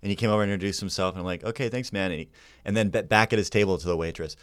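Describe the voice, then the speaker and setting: Lower-voiced man telling comedy stories. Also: steady tone, racing, a bit bright, smooth, no echo. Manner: storytelling, jumps high when quoting others. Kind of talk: casual chat.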